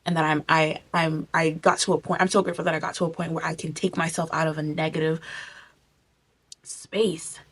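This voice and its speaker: A young woman speaks straight to her camera in a heartfelt personal vlog, gushing and circling back over the same words. Her voice sits on the low side and has a gravelly, crackly edge, and she comes close to tears at times. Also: little pitch movement, fast, few pauses, fairly bright tone. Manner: gushing, repetitive, tearful at times. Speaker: vlogger. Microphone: camera mic.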